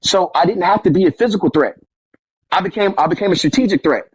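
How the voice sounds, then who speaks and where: Casual man spinning stories, acts out the quotes, slangy, kinda high-pitched. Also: fast, breathy edge, dry recording, muffled recording. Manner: animated, acts out quoted voices, street slang. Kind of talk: casual storytelling conversation.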